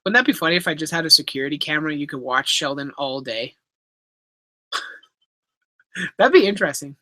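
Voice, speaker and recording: A man's voice: on the high side, sharp tone, dry recording. A man from Canada hosting a casual live stream Q&A from home, reading chat aloud through his laptop microphone and joking around. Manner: laid-back, reads chat aloud, jokes and swears. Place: home room with pet enclosures.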